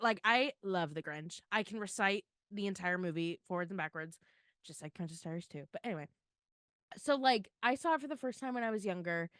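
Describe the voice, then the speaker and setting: A young woman on a podcast mic gushes in a casual, emotional way and keeps saying "like." Her voice is bright and smooth. The sound is dry and close. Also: medium pitch, dry recording. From Florida. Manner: gushing, tearful excitement, lots of "like". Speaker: podcast co-host.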